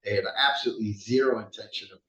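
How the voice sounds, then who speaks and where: A man, a rock singer and guest, telling stories in a casual, animated way, swearing freely and laughing often. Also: on the low side, very fast. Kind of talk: casual storytelling interview. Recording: roomy echo.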